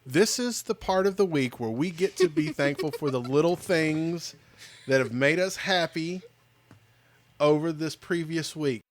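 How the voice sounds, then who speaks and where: A man's voice: on the high side, sing-song, unhurried. A man co-hosting a podcast, chatting playfully and joking with his daughter. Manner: playful, jokey. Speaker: podcast co-host, father. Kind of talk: casual podcast chat.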